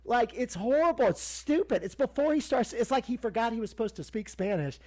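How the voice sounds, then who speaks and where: A woman co-hosting a podcast, chatting casually and giving quick, opinionated takes on a TV episode. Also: on the high side, animated. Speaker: podcast co-host. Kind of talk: casual chat reviewing a TV episode.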